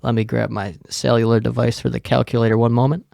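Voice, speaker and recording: A man's voice: medium pitch, flat delivery, fast talker, vocal fry, a little mellow, no echo, studio quality. A young man, hosting a podcast and rambling through a profane, filler-heavy rant. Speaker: podcast host. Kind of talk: casual solo rant.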